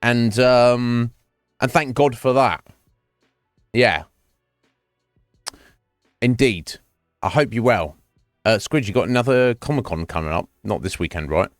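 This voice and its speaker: A man's voice: medium pitch, animated, measured pace, pauses often, no room sound, faint music behind. A man streaming live, chatting casually with his viewers in a rambling, self-mocking way and swearing freely.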